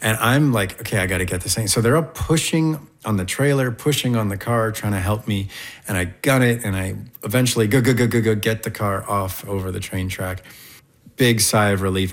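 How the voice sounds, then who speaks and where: A man casually telling an excited road-trip story, with fillers and lively rises. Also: deep voice.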